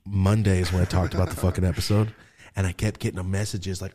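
A young man hosting a podcast, chatting casually and telling animated stories with quick jumps into high mimicking voices. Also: slightly rough. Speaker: podcast host.

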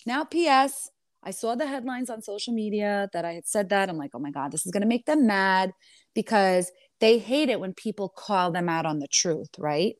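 Sassy, animated woman telling her side. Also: mid-range voice, moderate pace, dry recording, studio quality. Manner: animated, sassy, calls listener honey. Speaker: reality TV star giving an interview. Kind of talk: candid storytelling interview.

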